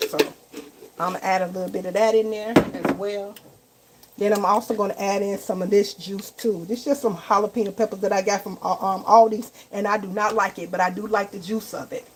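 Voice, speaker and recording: A woman's voice: medium pitch, fairly even intonation, brisk. Chatty woman cooking over sizzling pans. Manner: chatty, keeps calling viewers y'all and baby. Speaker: home cook and vlogger. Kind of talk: casual live cooking vlog. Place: home kitchen. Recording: kitchen recording with loud sizzling noise. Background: frying and sizzling in the pan.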